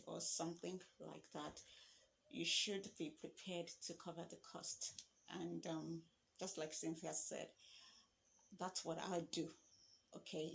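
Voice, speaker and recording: A woman's voice: on the low side, creaky. A woman hosting a casual panel discussion, playful and teasing. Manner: playful, teasing, laughs easily. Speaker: host. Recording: faint background noise.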